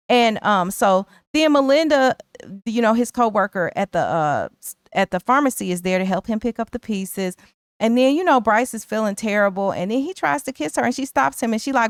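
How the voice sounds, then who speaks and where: A woman's voice: medium pitch, normal speed, clear, resonant tone, no room sound, studio quality. A woman co-hosting a casual movie recap, chatty and slangy, acting out the characters' lines as she retells the plot. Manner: animated, acts out characters' lines in quotes. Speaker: co-host.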